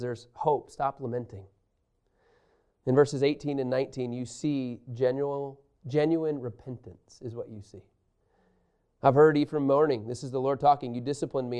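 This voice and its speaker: With a clear, resonant, medium-pitched voice, a man leads a Bible lesson. He reads the scripture aloud and then explains it emphatically and animatedly, addressing his listeners directly.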